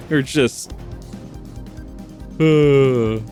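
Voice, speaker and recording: A man's voice: on the low side, moderate pace, faint music behind. A man casually commenting while playing a video game, rambling, joking, laughing often and swearing. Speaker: gaming channel host. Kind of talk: casual let's-play commentary.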